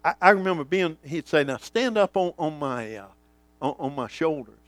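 A man preaching from the pulpit, his voice sitting high and leaping all over the place. He drops to a near hush and then climbs back to a booming call, and he plays out the people in his stories. The sound is close and dry, with no room around it. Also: animated, normal speed, dry recording. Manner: dramatic swings from booming to hushed, acts out quoted voices. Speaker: pastor. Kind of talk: sermon.

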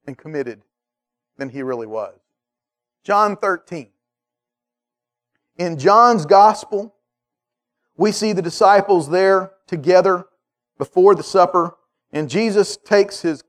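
Animated, high-voiced male preacher. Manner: animated, conversational, checks in with "okay?". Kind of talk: sermon.

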